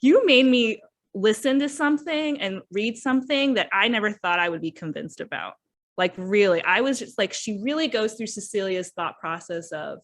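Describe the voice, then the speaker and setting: A woman hosts a relaxed book review chat. She talks freely and often drops into quoted lines from the characters as she tells the plot. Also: mid-range voice, normal speed. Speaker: podcast host reviewing books.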